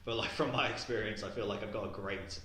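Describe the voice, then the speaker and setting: A man's voice: fairly low pitch, fast, sharp tone. A young English man chatting on a podcast, rambling with lots of fillers and frequent giggles. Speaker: podcast co-host. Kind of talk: casual podcast chat. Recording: echoey room.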